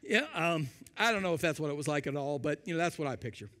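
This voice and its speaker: A man preaching a sermon, animated and acting out voices for humor, in a church sanctuary. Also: fairly high pitch, quick pace. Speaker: pastor. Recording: reverberant hall.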